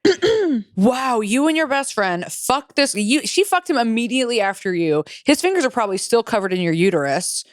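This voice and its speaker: Young female podcast co-host, crisp voice in a dead-dry booth, foul-mouthed and giggly. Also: a little high, very animated, brisk, dry recording. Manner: profane, laughs while reading stories aloud. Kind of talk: casual podcast chat.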